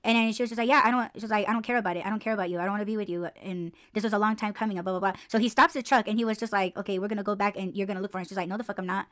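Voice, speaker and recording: A woman's voice: mid-range voice, very fast, few pauses. A woman co-hosting a podcast, telling stories in casual chat, full of swearing and filler words. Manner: animated storytelling, heavy swearing and "like" fillers. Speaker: podcast co-host.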